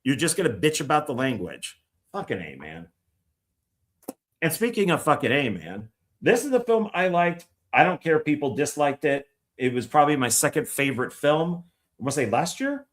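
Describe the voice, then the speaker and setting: A slightly high, very animated male voice moves at a moderate pace. He's a filmmaker showing his disc purchases in a casual vlog, rambling, swearing, and sometimes mocking critics with a put-on voice.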